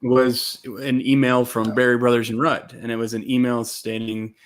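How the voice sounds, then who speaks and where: A man, a distillery co-founder from Texas, casually telling an animated story and acting out other people's lines. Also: mid-range voice, normal speed. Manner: animated, quotes others in lively voices.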